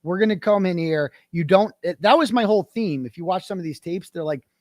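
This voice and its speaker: Guy in an interview, fired up and blunt, kinda high voice, dry close sound. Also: a little fast, no room sound. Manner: animated, blunt storytelling with profanity. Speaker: guest, independent journalist. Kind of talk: conversational interview.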